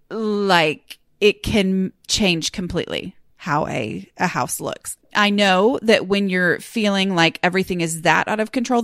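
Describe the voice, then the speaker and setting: A woman's voice: medium pitch, a bit bright, dry recording. Lady podcaster just chatting, candid, laughs at herself, dry close sound. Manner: chatty, candid and self-deprecating, with sighs. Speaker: podcast host. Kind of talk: casual solo podcast talk.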